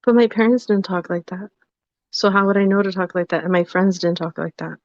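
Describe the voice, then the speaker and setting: A woman co-hosts a podcast in easy, teasing chat. Her voice sits at a middle pitch. The recording is dry and slightly dull. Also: steady tone, fairly quick, dry recording. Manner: playful, teasing. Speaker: podcast co-host. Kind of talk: casual chat.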